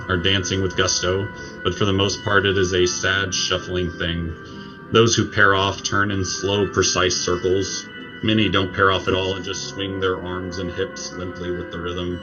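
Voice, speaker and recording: A man acting as game master, telling the scene in a measured way with occasional "uh" fillers. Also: low voice, muffled recording. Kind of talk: narrating a tabletop game.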